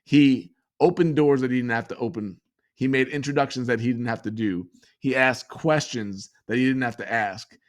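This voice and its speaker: Guy from new york telling a story on a podcast, lively, does little voices for everyone in it, mid pitch. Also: normal speed. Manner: animated storyteller, acts out the people in his story. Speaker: podcast guest. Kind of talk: storytelling in a conversation.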